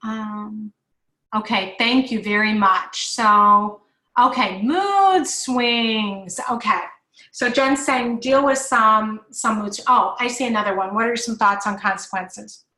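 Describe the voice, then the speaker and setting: A woman's voice: medium pitch, steady tone, measured pace, pushed and bright. A woman in her forties hosting a live parenting workshop, chatty and reassuring as she answers viewer questions with frequent fillers. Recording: echoey room.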